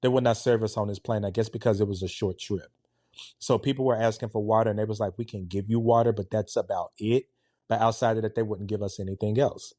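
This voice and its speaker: A man in his forties casually telling a story in an animated, conversational way. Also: fairly low pitch, fast, dry recording. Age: 40s. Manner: animated, conversational, with a laid-back, relaxed tone.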